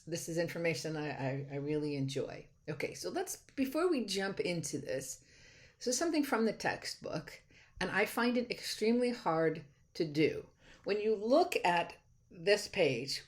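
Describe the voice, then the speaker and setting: A woman's voice: fairly low pitch, a little mellow. A middle-aged woman giving a recorded lecture as a college instructor, chatty and enthusiastic, often restarting her sentences.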